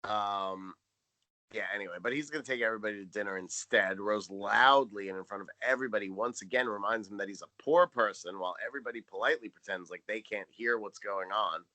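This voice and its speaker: A man's voice: lowish voice, fast, sharp tone, no room sound, rough recording. A man co-hosting a casual TV recap podcast, summarizing plot with dry, sarcastic asides. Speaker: podcast co-host.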